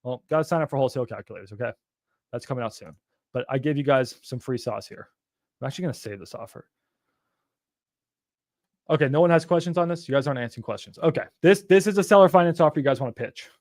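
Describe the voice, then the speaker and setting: A man teaching on a live stream in an energetic, rambling way, with some swearing. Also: medium pitch, fast, long pauses, dry recording, clean studio sound. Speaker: real estate investor teaching on a live stream.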